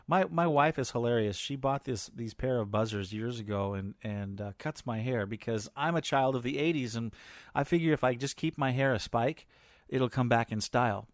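A man's voice: medium pitch, normal speed, no echo, studio quality. A man in his forties hosting a podcast, telling family stories in a rambling, chatty way with lots of fillers. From US Pacific Northwest. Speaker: podcast host. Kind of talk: casual personal chat.

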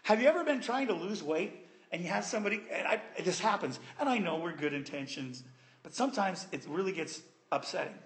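High-voiced, animated male preacher. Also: fairly quick. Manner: animated, conversational, playful. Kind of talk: sermon.

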